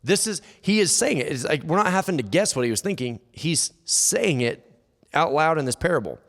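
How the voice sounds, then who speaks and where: A man's voice: fairly high pitch, expressive, fairly quick, fairly bright tone. A man preaching a sermon as pastor, conversational and acting out quoted inner dialogue. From United States. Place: church hall. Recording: long church-hall reverb.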